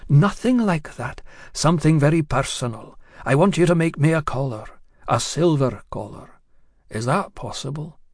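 A man voicing an anxious, secretive young upper-class lady who speaks in a hushed, hesitant way. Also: a little high, expressive, moderate pace, no room sound, studio quality. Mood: hushed, urgent.

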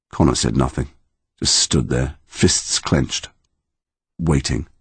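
A man narrating a story in a measured, expressive way. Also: very deep voice, slightly rough, no echo. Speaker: audiobook narrator. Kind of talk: scripted narration.

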